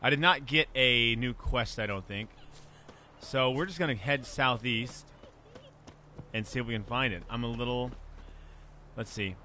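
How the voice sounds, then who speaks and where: A man's voice: medium pitch, a little slow, pauses often, bright, forceful tone, slight background noise. A man casually commenting on his own video game playthrough, joking and talking back to the characters on screen. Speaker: gameplay commentator. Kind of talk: let's play commentary. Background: game music.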